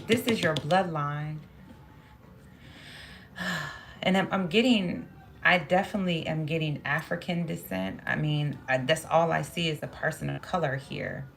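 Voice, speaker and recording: A woman's voice: on the low side, creaky. A woman giving a spoken tarot reading, musing aloud and repeating phrases as she draws cards. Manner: musing, repeats phrases, talks to herself while drawing cards. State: emotional at moments. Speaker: tarot reader.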